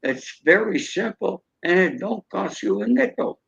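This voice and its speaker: A man's voice: high-pitched, expressive, unhurried, vocal fry, fairly bright tone, dull audio. Chatty older man telling stories. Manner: chatty, folksy, acts out greetings in a raised voice. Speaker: guest. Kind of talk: storytelling.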